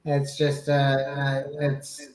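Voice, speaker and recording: A man talking haltingly with many pauses on a video call. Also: medium pitch, monotone, a little mellow, reverberant, rough recording. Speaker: panelist. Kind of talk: casual video-call chat.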